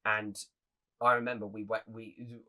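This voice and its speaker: A young man in his twenties co-hosts a podcast, chatting casually and earnestly with many restarts. His voice is on the low side, pushed and bright, with flat delivery at a measured pace.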